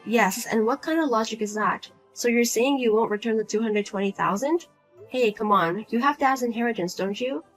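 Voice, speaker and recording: A woman playing a fed-up grown daughter who speaks flatly and firmly to her pushy mother in a narrated drama. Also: a little high, moderate pace, soft background music, natural voice. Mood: accusing. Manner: flat, firm, cold and blunt. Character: Lizzie, grown daughter, cool, blunt, fed up.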